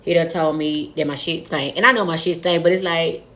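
Young woman, low voice, blunt and profane, animated candid talk. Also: fairly quick. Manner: frank, profane, animated storytelling with acted-out quotes. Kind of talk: casual candid chat.

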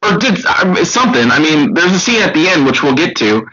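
A man's voice: a little high, fairly quick, lo-fi sound, crowd noise. A man joking animatedly while discussing a movie with a friend. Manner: animated, joking, calls his friend buddy. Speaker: movie review co-host. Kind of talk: casual chat.

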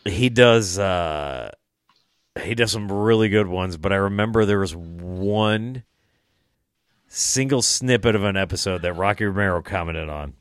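Low-voiced male podcast guest, rambling and laughing, dry sound. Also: unhurried, no echo. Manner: rambling, laughs often, swears freely. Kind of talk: casual podcast chat.

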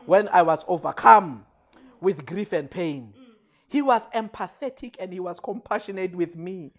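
A preacher delivering a sermon, repeating refrains and swinging from quiet lines to shouted peaks. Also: medium pitch, normal speed.

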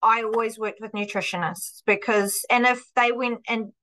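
Bright, lively woman, cheerful guest. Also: fairly high pitch, moderate pace. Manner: lively and animated, swears freely. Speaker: podcast guest, fitness coach. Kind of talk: casual interview chat.

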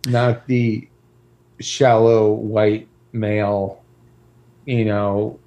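A man's voice: on the low side, flat delivery, drawn-out words, dark tone. A man co-hosting a casual chat, easygoing and agreeable. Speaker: podcast co-host.

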